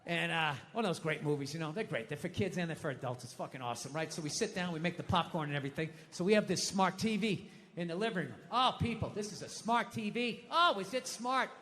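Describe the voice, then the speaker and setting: Profane American stand-up comic ranting. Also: male voice, sits high, lively intonation, fast talker, slight background noise. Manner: loud ranting, profane, mock outbursts. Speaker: stand-up comedian. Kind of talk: stand-up comedy. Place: comedy stage. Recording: live venue with long reverb.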